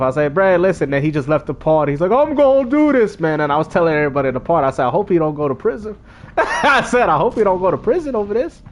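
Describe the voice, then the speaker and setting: A man telling a story casually to his stream audience in a slangy, animated way, acting out the quotes with big jumps in his voice. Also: sits high, gravelly, slight background noise. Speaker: gaming streamer.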